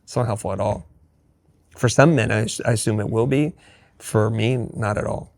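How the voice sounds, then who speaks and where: A low, gravelly man speaking as an interview guest, recorded close and dry. He tells stories in an animated way, playing out the voices of the people in them, with a blunt and wry sense of humor. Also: normal speed, dry recording. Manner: animated storyteller acting out quoted dialogue. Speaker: podcast guest. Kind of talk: candid interview conversation.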